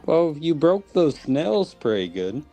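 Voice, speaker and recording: A man's voice: on the high side, sing-song, takes it slowly, mellow, faint music behind. A man playing a tabletop game, arguing a point in a dry, resigned way. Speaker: player. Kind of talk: casual arguing chat.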